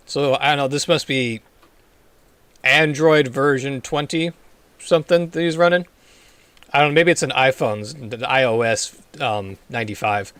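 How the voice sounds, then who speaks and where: A man's voice: mid-range voice, moderate pace, fairly bright tone, clear, resonant tone, dry recording. A man doing casual let's-play commentary with dry, wry asides. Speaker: gaming YouTuber.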